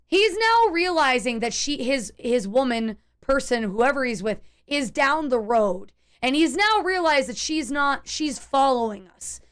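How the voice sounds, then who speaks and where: A woman with a high voice streams to her chat and recounts a tense encounter as a casual story. She talks in an animated rush, stumbling over restarts and leaning on "like" as she goes. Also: unhurried, few pauses, smooth.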